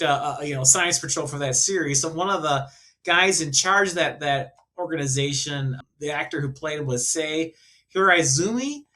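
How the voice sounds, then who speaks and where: A man with a bright, sharp voice, a little high, talking in a relaxed podcast chat. He stops and restarts often and fills gaps with "you know" as he pulls facts from memory. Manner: halting, many fillers and restarts while recalling facts. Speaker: podcast co-host. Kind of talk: casual podcast chat about films.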